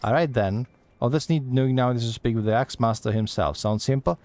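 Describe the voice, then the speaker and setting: A man's voice: medium pitch, brisk, a little mellow, soft background music, lightly acted. A man voicing a teasing female guild receptionist from a game, in a put-on Scottish accent, reading her dialogue aloud in a folksy, storytelling way. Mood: yarn-spinning.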